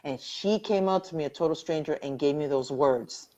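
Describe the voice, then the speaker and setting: A woman's voice: low-pitched, moderate pace, warm tone, highs cut off. A middle-aged woman earnestly sharing her personal story as a cancer survivor in a live online interview, often repeating phrases for emphasis.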